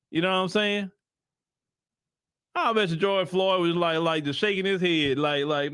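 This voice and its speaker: A man's voice: high voice, steady tone, moderate pace, pauses often, a bit bright, clean tone, dry recording, studio quality. A man hosting a livestream commentary, talking in a heated, rambling way full of repeated restarts. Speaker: host and commentator.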